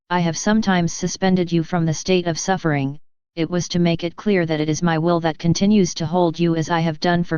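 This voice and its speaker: A woman reading the words of Jesus as a tender, grave male divine voice, in a slow, solemn, consoling manner. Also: on the low side, darkish tone, smooth, no room sound, natural voice. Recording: slightly dull, dry close recording.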